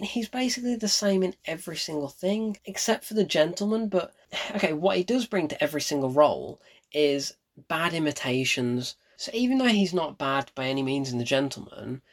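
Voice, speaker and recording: A man talks through a film review in a casual, opinionated way. He is blunt and emphatic, and he comes back to the same point again and again to drive it home. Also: on the high side.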